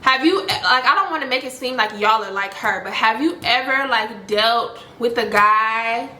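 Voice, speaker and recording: A young woman casually telling a storytime, animated and swearing freely as she acts out the quoted lines. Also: a little high, normal speed. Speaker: storytime vlogger. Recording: echoey room, faint noise.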